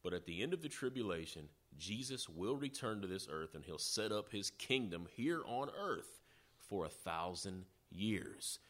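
A man preaching a sermon, teaching through scripture in a measured way. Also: fairly low pitch, animated, fairly bright tone. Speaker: pastor.

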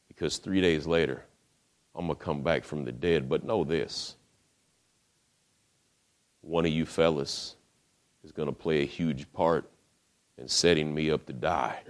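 Preacher voicing a soft-spoken, deep-voiced Jesus, gentle and plain, for a sermon retelling. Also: male voice, measured pace, pauses often. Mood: solemn, quiet. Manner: quiet, low, casual modern wording. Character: Jesus, calm grown man, plainspoken and gentle.

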